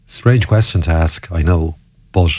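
Deep-voiced interview host. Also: male voice. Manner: halting, gentle questioning. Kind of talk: interview questions.

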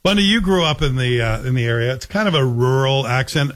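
A man from Scotland hosting a radio talk show, chatting in a lively, storytelling way. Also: mid-range voice, fairly quick.

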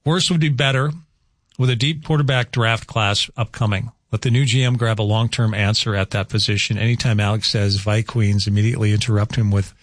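Talking a little fast in a lowish voice with fairly even intonation, this North Dakota morning radio host keeps things casual, rambling and joking with plenty of fillers. His studio microphone picks up no room sound.

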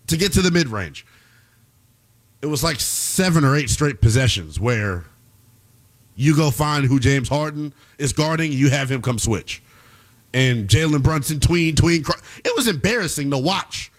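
Animated man giving heated basketball commentary. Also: a little high. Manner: emphatic, swings between loud outbursts and fast asides. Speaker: basketball show host.

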